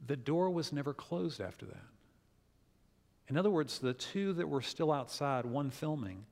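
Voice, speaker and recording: A middle-aged man preaching a sermon, telling a family story in an animated way and acting out the quotes. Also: on the high side, normal speed. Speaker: pastor. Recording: long hall reverb.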